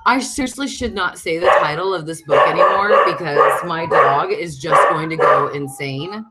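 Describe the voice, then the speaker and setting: A middle-aged American woman hosting a casual live stream at home, an excitable author chatting about her books. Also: normal speed, a loud crowd. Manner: chatty and excitable, breaking off to call her dog in a high coaxing voice. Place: room at home.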